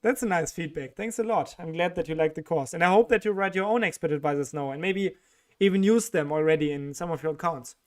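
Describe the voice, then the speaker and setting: German-accented man with a clear voice. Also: fairly high pitch, a little fast, darkish tone. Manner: reads chat questions aloud and answers with frequent laughs and fillers. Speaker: livestream host answering chat. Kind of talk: casual livestream Q&A.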